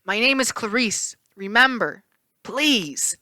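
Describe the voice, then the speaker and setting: A woman voicing a gentle teenage girl pleading softly, in a storybook reading. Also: fairly high pitch, lively intonation, slow pace, no room sound, studio quality, pitched above the performer's own voice, exaggerated voice.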